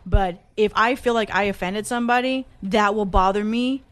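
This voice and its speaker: A woman's voice: medium pitch, normal speed. A woman comedian in casual conversation, candid and self-deprecating, swearing freely. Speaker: stand-up comedian. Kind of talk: casual podcast chat.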